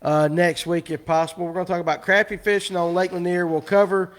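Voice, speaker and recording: A man's voice: sits high, level tone, fast. A man hosting a live fishing show, rambling and teasing his guests in casual chat.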